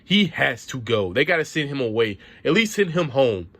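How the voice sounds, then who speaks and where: A man's voice: medium pitch, very animated, normal speed, a bit bright. A man giving a frustrated, profane sports rant to camera in a vlog, repeating himself as he vents. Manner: frustrated, profane, repetitive ranting. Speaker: sports vlogger. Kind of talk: ranting sports commentary.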